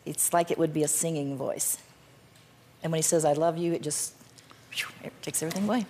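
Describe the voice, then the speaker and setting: A woman's voice: deep voice, fairly quick, mellow. An older woman, a guest on a talk show, answering in a plainspoken, firm way. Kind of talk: candid interview answers.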